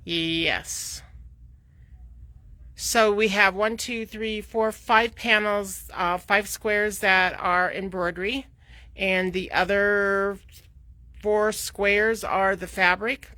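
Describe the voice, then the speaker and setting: A woman co-hosting a sewing store's live video, calmly showing and describing quilt projects. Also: mid-range voice, dry recording. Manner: slow, friendly, describes projects. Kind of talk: casual show-and-tell.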